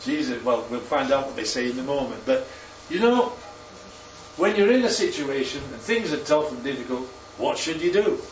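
Speaking at a moderate pace with a mid-range voice and big pitch swings, this preacher keeps his sermon interactive. He asks the congregation questions and echoes their replies. The audio is a muffled, distant, roomy hall recording with slight background noise.

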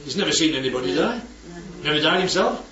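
Lively man leading Bible study. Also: fairly high pitch, quick pace. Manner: animated, asks for agreement often. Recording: roomy, distant, dull recording with faint background ambience.

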